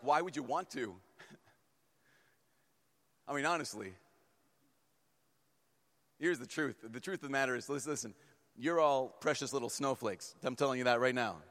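A male priest preaches with a mid-range voice, joking and animated as he acts out scenes for a young crowd. Each line lands with a long reverb from a large hall. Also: mid-range voice. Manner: humorous, animated, acts out stories. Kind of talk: sermon to a youth gathering.

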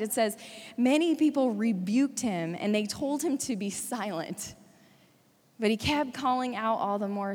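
A woman preaching a sermon, retelling a story with dramatic swings between hushed and urgent delivery. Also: a little high. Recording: long hall reverb.

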